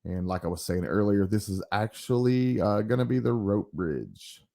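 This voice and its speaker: Casual comic reviewer, male, low voice, loose and digressive. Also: expressive, normal speed, gravelly, dark tone. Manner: rambling, frequent ums and asides. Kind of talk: casual commentary while reading a comic.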